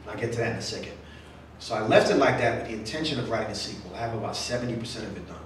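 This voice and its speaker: A man's voice: lowish voice, rapid-fire. A man, an author, talking casually with young readers and answering their questions, joking and acting out quoted voices. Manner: chatty, jokey, acts out quoted voices. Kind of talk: casual talk with audience Q&A. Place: event room at a literary center. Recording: very echoey room from far off, faint noise.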